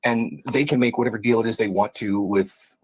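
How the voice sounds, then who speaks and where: A man's voice: lowish voice, fairly even intonation, fairly quick, slightly rough, poor audio. A man giving political commentary in an emphatic, lecturing way. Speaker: commentator in the reacted video.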